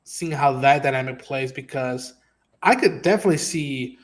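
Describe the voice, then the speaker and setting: A man's voice: medium pitch, normal speed. A man hosting a casual review stream, talking animatedly with plenty of swearing. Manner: animated, profane, acts out quotes. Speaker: stream host. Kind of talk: casual spoiler review chat.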